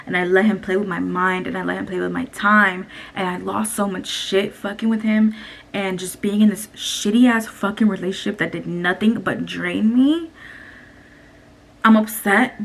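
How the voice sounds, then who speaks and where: Young woman venting with a gravelly voice. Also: mid-range voice, fairly even intonation, normal speed. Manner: blunt, profane and venting. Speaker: vlogger. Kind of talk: casual story time vlog. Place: home. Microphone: camera.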